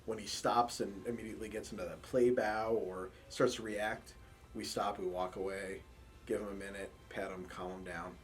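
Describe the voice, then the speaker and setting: Man, low voice, police officer, dog handler, documentary interview, relaxed storytelling. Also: moderate pace, soft background music. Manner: relaxed storytelling with quoted dialogue.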